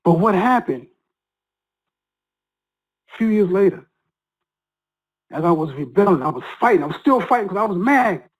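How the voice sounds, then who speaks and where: A man speaking as a guest, telling an emotional personal story in an earnest, halting way with many repeated restarts. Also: high-pitched, expressive, rough recording.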